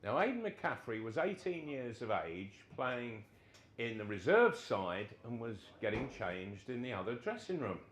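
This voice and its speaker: A man's voice: mid-range voice, a little slow, slight background noise. A man in his sixties, a former footballer, telling anecdotes to a live audience in a social club and acting out the people he quotes. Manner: animated, acts out quoted voices. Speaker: former footballer, guest storyteller. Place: social club function room. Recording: roomy hall echo.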